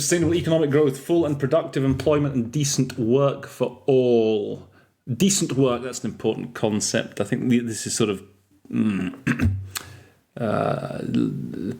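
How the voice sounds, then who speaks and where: He teaches interpreting and lives in France, and here he hosts a podcast lesson on its vocabulary in a chatty, self-correcting way, sprinkling in French and Russian terms. His mid-range voice is creaky and a little mellow.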